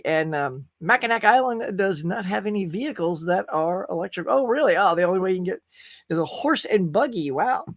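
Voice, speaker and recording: A man's voice: high voice, a bit bright. A middle-aged man hosting a casual live stream, chatty and upbeat as he reads out viewers' comments. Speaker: host.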